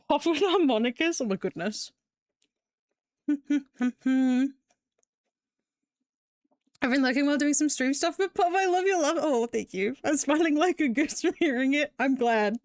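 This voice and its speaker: A woman's voice: sits high, lively intonation, takes it slowly, long pauses, darkish tone, no echo, clean studio sound. A young woman streaming while she builds Lego, chatting casually and breaking into long fits of giggles.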